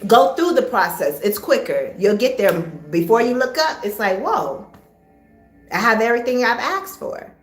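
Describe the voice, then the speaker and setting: A woman's voice: a little high, fairly bright tone. A woman hosting a live spiritual coaching session, talking casually and encouragingly, repeating key phrases in a soothing way. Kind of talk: casual spoken live stream. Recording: echoey room.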